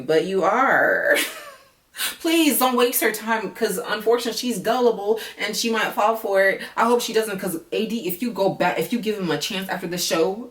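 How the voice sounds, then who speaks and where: A woman's voice: medium pitch, echoey room, far from the mic. A woman who reviews reality TV in a casual vlog, ranting bluntly and with a lot of profanity.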